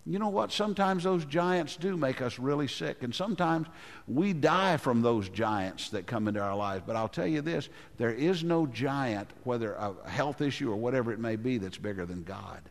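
A male pastor delivers a dramatic sermon in a church with a long, ringing reverb. His voice sits at a middle pitch and he often clears his throat. He slows down and sinks low for the giant's taunts, then lifts again to exhort. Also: animated. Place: church sanctuary.

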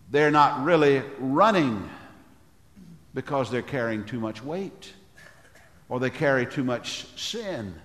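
An older man preaching a sermon as pastor, with a big, loud voice, often clearing his throat. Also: medium pitch, echoey room, big-room sound.

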